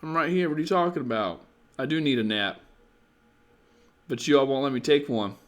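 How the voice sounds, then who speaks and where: A man's voice: medium pitch, brisk. Tired, blunt man livestreaming casually. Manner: blunt, profane, rambling, chats with viewers. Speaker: livestream host giving dating advice. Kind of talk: casual live stream chat.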